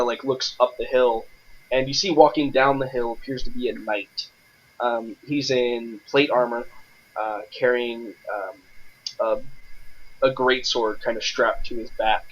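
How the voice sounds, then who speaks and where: A man narrating a tabletop game as game master, halting, with many fillers. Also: mid-range voice, dull audio.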